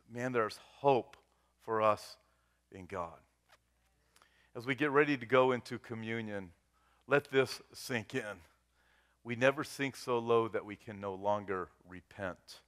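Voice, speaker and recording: Earnest male pastor preaching a sermon. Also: mid-range voice. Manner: earnest preaching that swells loud and drops to a hush.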